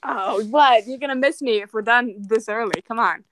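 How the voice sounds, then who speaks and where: A woman's voice: a little high, normal speed, fairly bright tone, no echo. A young woman co-hosting a casual podcast, playful and teasing, laughing often. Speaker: podcast co-host. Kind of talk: casual chat.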